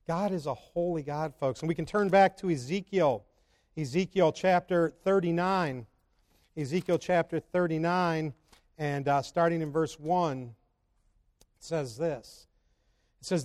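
A man's voice: fairly high pitch, measured pace, darkish tone. A man preaching a sermon and asking the congregation rhetorical questions. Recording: long hall reverb.

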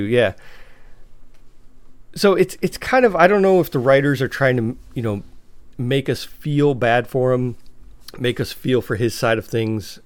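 A man casually recapping a TV episode, talking in a halting, chatty way with restarts. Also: mid-range voice, expressive, no echo.

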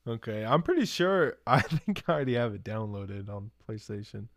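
A man's voice: fairly low pitch, moderate pace, vocal fry, dry recording, studio quality. A man co-hosting a casual podcast chat, laid-back, swearing freely and laughing often. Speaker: podcast co-host.

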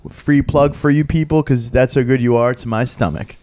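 A man co-hosting a podcast, teasing his partner in casual deadpan banter. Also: mid-range voice, normal speed. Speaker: podcast co-host.

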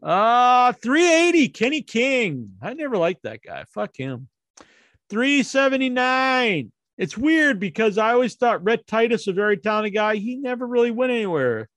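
A man's voice: very high-pitched, big pitch swings, normal speed, fairly bright tone, dry recording, studio quality. A man hosting his own show, counting down a ranking with jokey, rambling, crude asides. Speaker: host counting down a wrestler ranking. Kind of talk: casual solo commentary.

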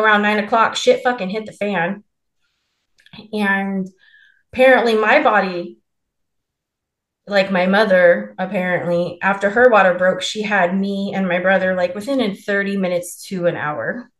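A woman's voice: medium pitch, measured pace, pauses often, a bit bright, roomy sound. A young woman co-hosting a podcast, telling a personal story in a candid, profane, laughing way. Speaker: podcast co-host. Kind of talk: casual storytelling chat.

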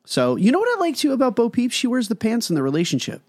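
Man, high-pitched, enthusiastic, casual podcast chat, dry recording. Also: huge pitch swings, fast talker, a little mellow, no room sound. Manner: enthusiastic, laughs often. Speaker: podcast co-host.

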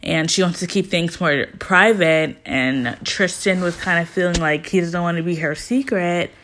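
A woman chatting casually about the latest episodes, her voice sitting a little low for a woman. She tells it like gossip to a friend, jumping into quick impressions of whoever spoke and padding her sentences with "like.". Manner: animated storytelling, acting out quotes with "like" fillers. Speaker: reality TV recap vlogger.

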